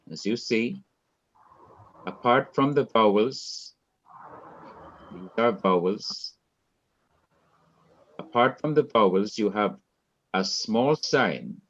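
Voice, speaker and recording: A man teaching a Hebrew class, explaining slowly and repeating key points for his students. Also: lowish voice, animated, a bit bright, muffled recording. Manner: slow, repetitive, deliberate explaining. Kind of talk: classroom lecture.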